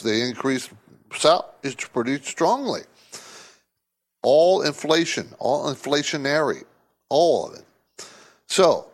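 A man hosting a financial talk radio show, giving emphatic, repetitive market commentary. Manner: emphatic, repetitive, lively swings of pitch.

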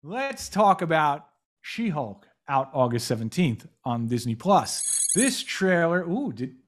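A man hosting a casual panel chat about films, talking quickly and excitedly with many fillers and restarts. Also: on the high side. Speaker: podcast host, editor-in-chief.

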